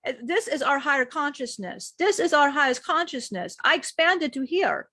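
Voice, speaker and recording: A woman speaking as a calm male archangel who talks in a gentle, measured, solemn way. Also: high-pitched, dry recording, studio quality, voice pushed up, full character voice.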